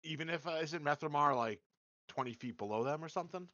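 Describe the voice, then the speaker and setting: A man playing a tabletop game, joking quickly in casual chat. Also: a little high, bright, forceful tone, dry recording, dull audio. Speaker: player.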